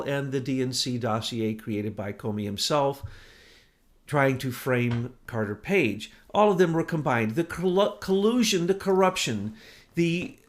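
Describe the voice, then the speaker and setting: Impassioned man with loud bursts. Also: mid-range voice. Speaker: co-host. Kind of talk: political commentary.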